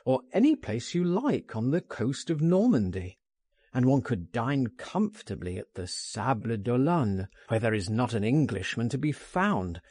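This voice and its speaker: A man reading a first-person story aloud, expressive and persuasive in a measured delivery. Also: medium pitch, no echo, clean studio sound. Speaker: audiobook narrator. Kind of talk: scripted first-person narration.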